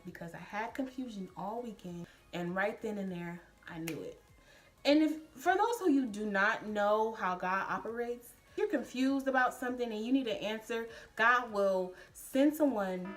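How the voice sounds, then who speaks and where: A young woman in her twenties tells a personal story to camera in a casual, lively way. She talks straight to her viewers as if chatting with friends. Faint music plays underneath. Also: medium pitch. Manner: animated, addresses viewers as y'all, laughs while telling. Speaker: vlogger.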